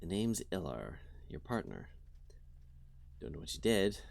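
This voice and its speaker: A man voicing a dying, androgynous partner who speaks in quiet, strained fragments. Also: deep voice, very animated, unhurried, creaky, slight background noise, full character voice. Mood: faint, strained.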